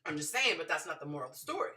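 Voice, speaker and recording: Low-pitched lively woman storyteller. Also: rapid-fire, distant mic. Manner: animated, acts out the people in her stories. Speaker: podcast host giving dating advice. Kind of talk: casual storytelling advice.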